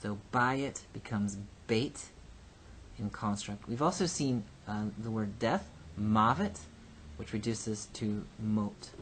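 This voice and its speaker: A man teaching a recorded Hebrew grammar lesson. He explains patiently and slowly, with frequent ums and uhs. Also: medium pitch, a little hiss or hum. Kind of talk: recorded lecture.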